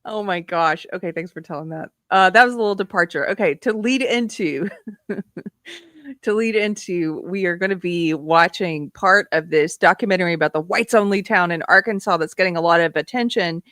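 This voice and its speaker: A woman hosting a casual live-stream talk show, laughing often and ranting in an animated way. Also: on the low side, a little fast, dry recording, clean studio sound. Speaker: host.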